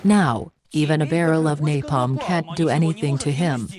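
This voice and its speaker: A narrator delivers a scripted film review in a dry, sarcastic tone, mocking each scene. The voice sits at a middle pitch, and the phrasing is slightly broken English. Movie sound and a noisy crowd are audible underneath. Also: moderate pace.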